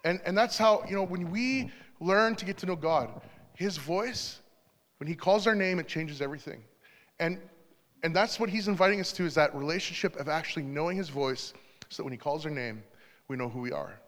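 A man's voice: a little high, a little fast. Conversational male pastor in a reverberant church. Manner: conversational, warm storytelling with asides. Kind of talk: sermon. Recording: long hall reverb.

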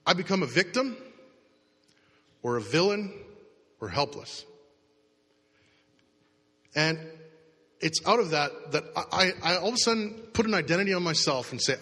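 Bright-voiced man preaching in a reverberant hall. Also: sing-song, normal speed, pauses often, breathy edge. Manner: conversational, acts out inner voices with rising pitch. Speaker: pastor. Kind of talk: sermon. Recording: long reverb of a large hall.

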